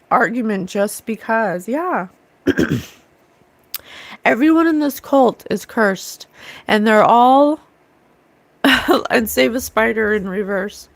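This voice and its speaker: A woman hosting a psychic talk show, ranting with scorn in a loose, animated way and often mocking others in sing-song voices. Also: on the high side, takes it slowly, long pauses, no echo. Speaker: psychic livestream host. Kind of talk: casual spiritual rant.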